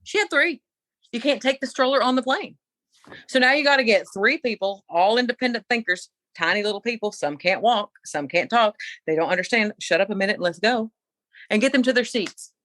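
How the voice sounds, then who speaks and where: A woman's voice: on the high side, lively intonation, a little fast, fairly bright tone, no echo. Opinionated woman telling a story, dry sound. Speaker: podcast co-host. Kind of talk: casual chat.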